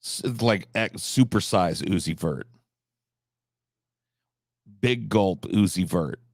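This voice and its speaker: A man hosting a live stream, telling rambling, absurd comic stories with deadpan delivery and profane asides. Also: low voice, slow pace, gravelly, dry recording, studio quality. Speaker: livestream host.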